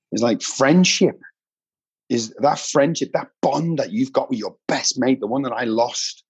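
A man's voice: mid-range voice, a little fast, darkish tone, breathy edge. A man telling heartfelt personal stories in an earnest, emotional way. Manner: earnest, heartfelt, says "mate" often. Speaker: podcast guest. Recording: dull lo-fi sound.

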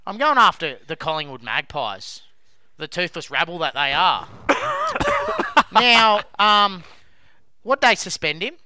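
A man's voice: high-pitched, wildly swooping pitch, slow pace, pauses often, pushed and bright, a little hiss or hum. An Australian man co-hosting a sports podcast, ranting angrily and swearing a lot. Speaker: podcast co-host. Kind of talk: heated sports podcast rant.

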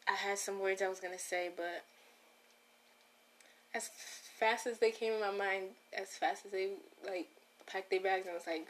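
A woman's voice: mid-range voice, steady tone, measured pace, long pauses. A woman hosting a casual solo podcast, rambling and breaking off her own sentences as she talks straight to her listeners. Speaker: podcast host.

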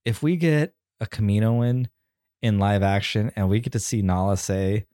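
A man in his thirties chatting casually as a podcast co-host, campy and animated, slipping into squealed voices. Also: lowish voice, normal speed, no room sound, studio quality. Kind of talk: casual chat.

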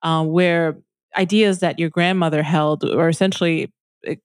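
Low-voiced halting woman podcaster. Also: steady tone, clear, resonant tone, no room sound, studio quality. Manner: halting, thoughtful, with many restarts and fillers. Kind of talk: casual political discussion.

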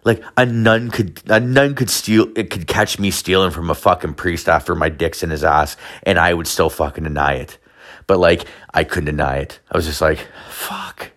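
A man's voice: low voice, fairly even intonation, moderate pace, fairly bright tone. A man telling a profane, rambling confessional story full of filler words.

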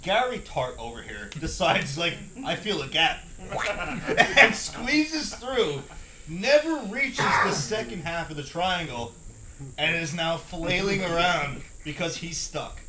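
A man's voice: fairly high pitch, big pitch swings, slow, echoey room, noisy background. A man in casual chat teasing his partner while adding details to a shared firefighting story. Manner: teasing, laughing, cuts in with details.

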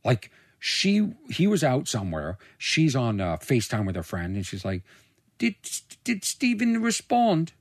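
A man in casual commentary, reacting to a reality show clip, animated and incredulous, sometimes putting on mocking impressions. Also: fairly low pitch, moderate pace, hardly any pauses, slightly rough, no room sound, studio quality.

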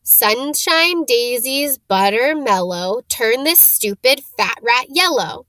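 A woman's voice: a little high, expressive, moderate pace, a bit bright, no echo. A woman voicing a blunt young wizard boy who talks in an offhand way.

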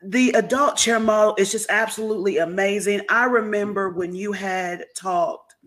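A man's voice: high-pitched, normal speed, fairly bright tone. A man interviewing a guest, recounting what she said before and affirming her points. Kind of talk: conversational interview.

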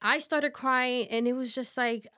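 Brief: woman in her 30s, podcast guest, slightly high voice, halting and soft. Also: fairly even intonation. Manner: halting, soft storytelling with many fillers. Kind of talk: casual conversation.

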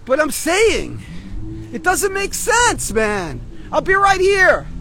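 Guy ranting on the street, really high sharp voice, swears a lot, keeps restarting, some traffic noise. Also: huge pitch swings, slow. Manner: agitated, rambling, swearing, restarts often. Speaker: vlogger. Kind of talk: street vlog rant. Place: outdoors on a city street.

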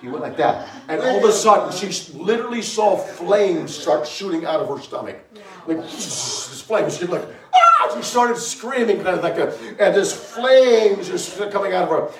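A man preaching in an echoey room, his voice set a little higher than most men's and picked up from some distance away. He tells stories in an animated way, laughing and breaking into loud shouts. It sounds like a church sermon. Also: normal speed, vocal fry, noisy background. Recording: echoey room, mic far from speaker.

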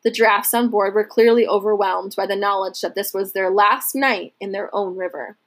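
A woman reading a historical novel aloud at a steady, measured pace. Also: mid-range voice. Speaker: narrator.

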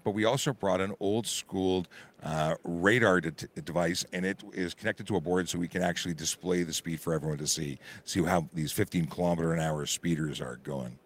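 A hoarse man, a police constable from Canada, explaining traffic rules informally on a live radio call-in from a busy auto show. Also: sits low.

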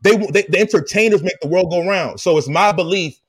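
A man hosting a podcast, telling a personal story in an animated, emphatic way and talking straight to his listeners with slang. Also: high voice, fairly quick, husky, no room sound, clean studio sound. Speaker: podcast host. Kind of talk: casual storytelling chat.

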